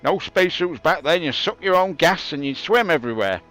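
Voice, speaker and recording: A man's voice: on the high side, expressive, fairly quick, bright, forceful tone, soft background music, voice pushed up, poor audio. A man putting on a grumbling old man who rants indignantly about how hard things were in his day. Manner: ranting, indignant, exaggerated. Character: grumbling old man, nostalgic, scornful of youth.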